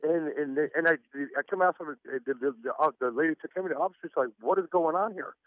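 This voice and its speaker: A man's voice: a little high, very fast, no room sound. Stammering man on a muffled phone line. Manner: stammering, laughs nervously. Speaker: caller. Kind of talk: phone-in story. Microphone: telephone.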